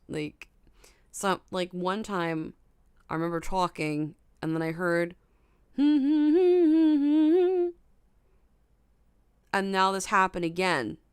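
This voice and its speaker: A woman's voice: a bit bright, smooth, no room sound, studio quality. Spooked young woman streaming from her bedroom. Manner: startled, mimics melodies with high "da da" humming. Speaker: livestream host. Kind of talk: casual livestream chat. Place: home bedroom at night.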